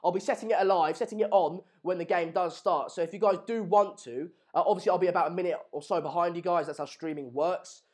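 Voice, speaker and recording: A young man from England runs a football watchalong stream and chats loosely with his viewers. His voice sits a touch high, and his talk wanders with restarts and jokes. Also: quick pace, hardly any pauses, a little mellow. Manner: jokey banter, rambling with fillers and restarts. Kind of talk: live stream chat reading comments. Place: home room in Madrid.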